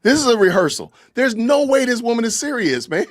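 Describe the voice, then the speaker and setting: A man's voice: high voice, sing-song, moderate pace, dry recording, studio quality. A man hosting a live podcast, reacting to clips with laughter and disbelief. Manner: laughing, incredulous, exclamatory. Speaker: podcast host. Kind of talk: live-stream reaction commentary.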